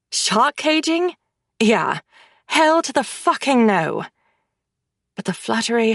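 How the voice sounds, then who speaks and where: A woman's voice: fairly high pitch, no echo, studio quality. A woman reading a first-person audiobook, with a wry, blunt manner. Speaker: audiobook narrator. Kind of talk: scripted first-person narration.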